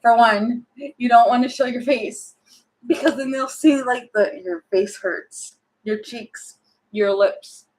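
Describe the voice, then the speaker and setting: A woman's voice: a little high, slow pace, low-quality recording. A woman doing a casual, spontaneous tarot reading, thinking aloud, rambling and giggling as she goes. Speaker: tarot reader.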